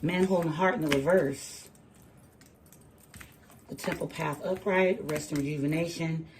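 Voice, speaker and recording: A woman tarot reader chatting casually and telling an animated story, laughing and using slang. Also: low-pitched, normal speed, background noise. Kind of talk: casual chat. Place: home kitchen, early morning.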